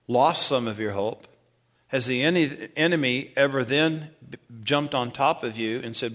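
A man preaching a sermon, retelling scripture with animated storytelling and questions to the congregation. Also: fairly high pitch. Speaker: pastor.

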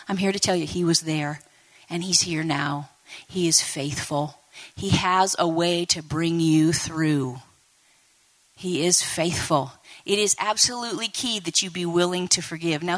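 A woman in her fifties preaching a lively sermon to a congregation, addressing them directly and acting out quoted voices. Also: fairly low pitch. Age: 50s. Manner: animated, talks to the congregation, acts out quoted voices.

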